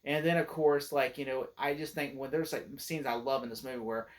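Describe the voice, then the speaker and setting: A man casually retelling a film's plot for a review, rambling with many filler words and restarts, excited about the scenes he loves. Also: mid-range voice, fairly quick. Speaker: movie reviewer. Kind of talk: casual spoken movie review.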